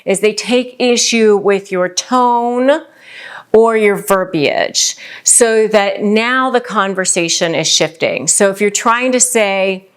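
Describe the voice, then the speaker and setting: Middle-aged female host, conversational advice talk, smooth resonant voice, mid pitch. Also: fairly bright tone. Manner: conversational, acts out quoted lines in quick asides. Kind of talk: direct-to-camera advice talk.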